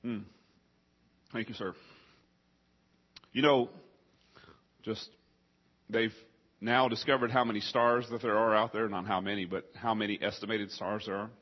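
A man preaching a sermon to a congregation, his voice husky and interrupted by coughing. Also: fairly low pitch, little pitch movement, measured pace, pauses often, lo-fi sound. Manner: coughing, choked up.

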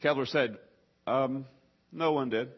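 A man preaching a sermon to a congregation, his voice husky and interrupted by coughing. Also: medium pitch, slow, dull audio. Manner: coughing, choked up.

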